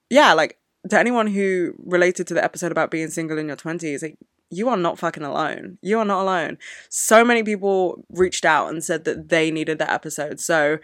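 A woman's voice: fairly low pitch, dry recording. Candid young woman podcaster, dry sound. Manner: candid, animated, swears freely. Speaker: podcast host. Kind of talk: casual solo podcast talk.

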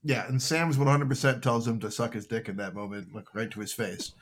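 A man's voice: mid-range voice, steady tone, a little fast. A man in casual podcast chat, thoughtfully breaking down a film and laughing easily. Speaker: podcast guest.

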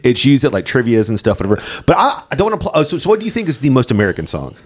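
A man hosting a laid-back podcast conversation, talking with lots of swing in his pitch. He swears freely and bursts into recitations and snatches of song. His voice sits in an ordinary middle register. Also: very animated, rapid-fire, breathy edge. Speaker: podcast host. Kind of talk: casual chat.

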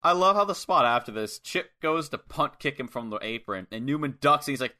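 A young man with a bright, mid-pitched voice, walking through a wrestling match move by move. His talk is relaxed and loose, with swearing dropped in freely. He sounds like a regular chatting with a friend. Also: a little fast. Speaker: podcast co-host. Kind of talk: casual wrestling review chat.

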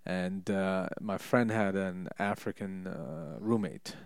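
Young man, very low gravelly voice, joking and rambling through casual stories in a dry, close setting. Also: slow, no echo. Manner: rambling, joking, many fillers and restarts, laughs at own stories. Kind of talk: casual storytelling chat.

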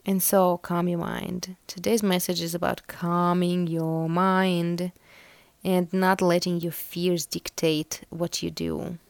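A woman's voice: fairly low pitch, level tone, takes it slowly, gravelly, a little mellow, no echo. A young woman hosting a podcast, chatting casually and giving a collective tarot reading, meandering with many fillers. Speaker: podcast host.

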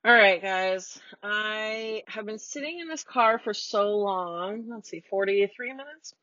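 A woman in her forties from the United States talks in a blunt, heated, profane way, with a sarcastic edge. Her voice sits at a middling pitch. The sound is close and dry, a little dull and muffled, as if caught inside a car. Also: takes it slowly, pushed and bright, no echo. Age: 40s. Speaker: podcast host. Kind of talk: casual solo rant. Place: parked car.

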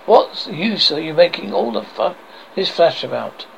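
A man voicing an elf mother who speaks sharply, shrill and scolding. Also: animated, a little slow, vocal fry, fairly bright tone, slight background noise, exaggerated voice, low-quality recording. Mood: angry.

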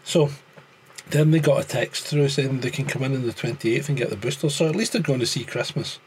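On a relaxed podcast, this Scot now based in France speaks bluntly, swearing and joking as he goes. He talks fairly quickly in a mid-range, slightly mellow voice, and there's a touch of background noise.

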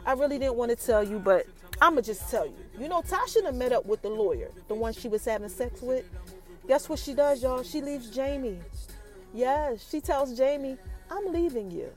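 A woman hosting a podcast, recapping an episode in an animated casual chat that talks straight to her listeners. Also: high-pitched, normal speed. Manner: animated, addresses listeners directly as y'all. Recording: light background music.

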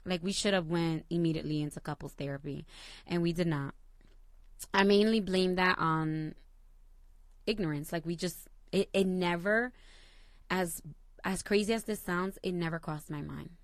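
A young adult woman co-hosting a casual chat, telling stories in an animated way and swearing freely. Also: fairly low pitch, normal speed, no echo. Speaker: co-host.

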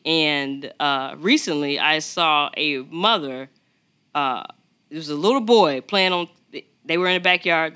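A podcast host in casual chat who gives theatrical, animated introductions. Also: medium pitch, clear, resonant tone.

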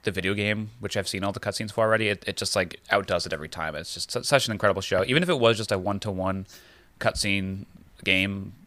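A man's voice: fairly low pitch, quick pace, sharp tone, no room sound. A man co-hosting a podcast, chatting casually and rambling with many restarts. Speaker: podcast co-host. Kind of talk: casual chat.

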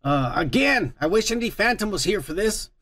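A man's voice: high-pitched, sing-song, moderate pace, fairly bright tone. A man hosting a podcast with crude, casual banter, swearing freely, teasing his co-host and laughing often. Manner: profane, teasing, laughs a lot.

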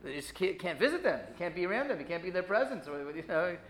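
A man giving a Torah class, lively and full of rhetorical questions, often restarting his sentences. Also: high voice, fast, slight background noise. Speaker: rabbi teaching a weekly class.

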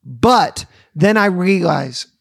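A man co-hosting a casual faith podcast, talking earnestly and slowing down to read scripture like a preacher. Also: high voice, animated, creaky, a bit bright, no room sound, clean studio sound. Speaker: podcast co-host and youth leader.

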